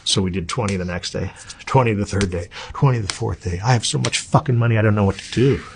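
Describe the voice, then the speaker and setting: A middle-aged man with a husky voice, telling his story as an interview guest in an animated, profane, casual way. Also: on the low side, fast talker, noisy background.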